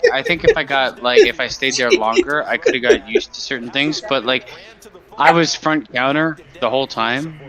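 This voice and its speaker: A man's voice: medium pitch, sing-song, normal speed, a crowd in the background, low-quality recording. A young man chatting casually, blunt and complaining, with frequent swearing. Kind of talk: casual chat.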